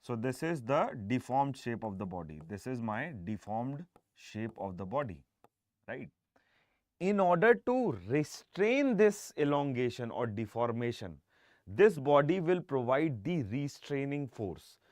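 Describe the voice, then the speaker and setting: A man's voice: mid-range voice, very animated, unhurried, darkish tone, dry recording. A man with an Indian English accent lecturing on engineering for an online exam-prep class, stressing key words and often checking in with "right?" and "okay?". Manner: emphatic teacher, frequent checking "right?" and "okay?".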